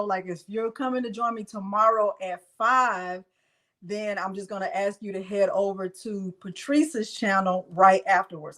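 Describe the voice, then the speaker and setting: A woman's voice: medium pitch, a bit bright, rough recording. A woman hosting a casual crafting live stream from home, chatting with viewers and her dog.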